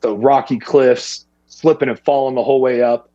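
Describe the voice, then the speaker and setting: A man's voice: mid-range voice, normal speed, no echo, highs cut off. A man, casually telling a hunting story and acting out what people said to him. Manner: animated, acts out other people's lines in a raised voice.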